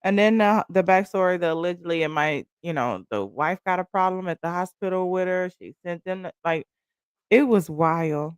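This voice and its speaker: A woman from Texas hosting a casual chat, animated and profane, laughing often. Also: fairly low pitch, normal speed, smooth, dry recording, studio quality. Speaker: podcast host.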